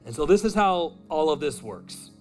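A man preaching a sermon as pastor, swinging between loud emphatic lines and quiet intimate asides, telling stories in a casual way. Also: on the high side, expressive, moderate pace, faint music behind. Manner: casual storytelling with "man" and "dude".

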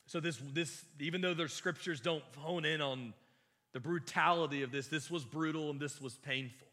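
A man's voice: fairly high pitch, moderate pace, pushed and bright. A man preaching a sermon, earnest and emphatic, often restarting his phrases.

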